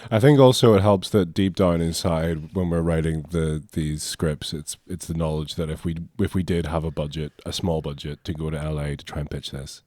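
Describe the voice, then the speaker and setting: A man's voice: a bass voice, fairly even intonation, moderate pace, hardly any pauses, dark tone, no echo. A Northern Irish man co-hosting, commenting on his own comedy sketches in a dry, self-mocking way. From Northern Ireland. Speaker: co-host, comedy writer.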